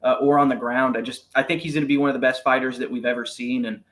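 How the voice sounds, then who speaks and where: A man with a middle-pitched voice hosts a casual podcast. He talks in a measured, reflective way, pausing on fillers as he recalls events he covered. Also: little pitch movement, a bit bright. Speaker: podcast host, MMA reporter.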